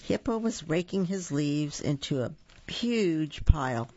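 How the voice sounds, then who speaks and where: A woman reading a picture book aloud, slowly and gently, with small slips and restarts. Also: low-pitched, lively intonation, highs cut off. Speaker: storyteller.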